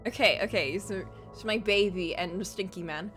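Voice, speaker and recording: A woman's voice: medium pitch, normal speed, few pauses, a bit bright, soft background music. A woman streamer reading a story aloud in a casual way, with playful, chatty asides.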